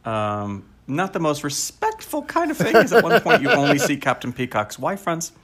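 A man in his forties co-hosts a casual podcast. He is lively and laughs often, and his chat is full of ums and uhs. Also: on the high side, normal speed. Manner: lively and laughing, with many fillers. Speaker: podcast co-host.

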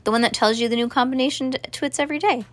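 A woman's voice: high voice, racing, dry recording, voice pushed up, lightly acted. A woman doing a nervous, know-it-all boy, Max Ernest.

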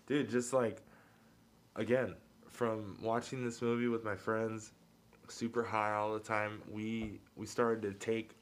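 A man's voice: fairly low pitch, level tone, slow pace. Laid-back man telling stoner stories. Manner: laid-back storytelling, slangy, says dude a lot. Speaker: podcast co-host. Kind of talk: casual movie chat.

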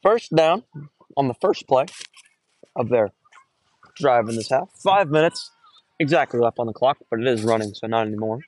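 A young man doing casual, rambling play-by-play of a high school football game outdoors, recorded on a phone, often correcting himself and getting excited on big runs. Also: moderate pace, pauses often. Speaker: play-by-play announcer.

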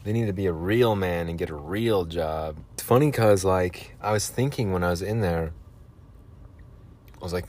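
A man's voice: low-pitched, normal speed, darkish tone. A man hosting a solo podcast, ranting sarcastically in a rambling monologue. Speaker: podcast host.

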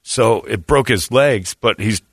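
A man's voice: lowish voice, measured pace, slightly rough, dry recording, clean studio sound. A middle-aged man hosting a show, chatting casually and acting out the people in his stories. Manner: animated storyteller who acts out the people in his stories. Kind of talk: casual studio banter.

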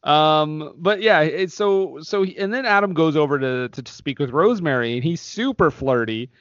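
A man's voice: fairly high pitch, lively intonation, normal speed, a bit bright, dry recording, lo-fi sound. Chatty man riffing on a movie. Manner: chatty, laughs often, acts out lines. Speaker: podcast co-host. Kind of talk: casual movie review chat.

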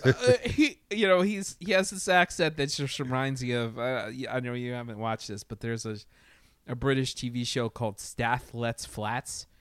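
A man's voice: mid-range voice, moderate pace, clean tone, dry recording. A man chatting casually about a TV show, hesitant, stumbling through restarts as he thinks aloud. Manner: hesitant, many restarts and fillers. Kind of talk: casual review chat.

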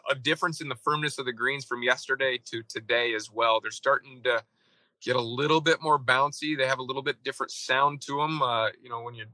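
A man from Idaho, a golf caddie, recounts his travel troubles with an animated, chatty delivery. His voice is bright and forceful. The sound is close and dry, with no room around it. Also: medium pitch, fairly quick, dry recording, rough recording. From Idaho, USA. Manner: animated storyteller acting out his own texts. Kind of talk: casual interview storytelling.

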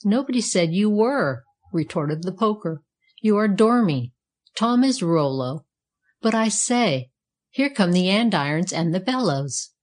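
A woman voicing a cheerful, self-satisfied talking fire poker in a read-aloud storybook, speaking calmly. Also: on the low side, unhurried. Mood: contented.

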